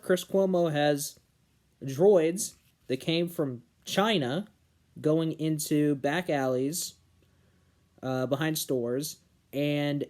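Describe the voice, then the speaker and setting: A young man from New Hampshire giving an earnest political commentary monologue, slowing down and stressing key words. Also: a little high, a little mellow. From New Hampshire, USA. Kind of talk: casual opinion monologue.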